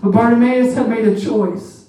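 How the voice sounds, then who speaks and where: A man's voice: very high voice, fairly even intonation, normal speed, dark tone. A man preaching a sermon with impassioned, repetitive exhortation. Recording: echoey hall from far off.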